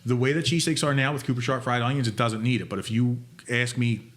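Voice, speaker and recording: A man in his thirties, a podcast guest who tells animated stories and jokes in casual chat. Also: medium pitch. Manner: animated storyteller, quick to joke. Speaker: podcast guest, food content creator.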